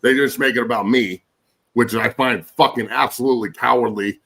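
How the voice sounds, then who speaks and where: A man's voice: mid-range voice, fairly even intonation, normal speed, gravelly, sharp tone, rough recording. A man in his forties, a guest and former pro football player, ranting angrily and cursing in casual podcast chat. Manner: angry, profane ranting.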